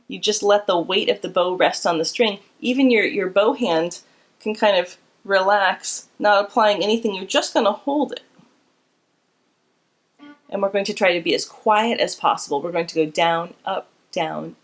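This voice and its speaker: Woman, string teacher, instrument lesson, encouraging, counting in. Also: mid-range voice. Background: instrument playing.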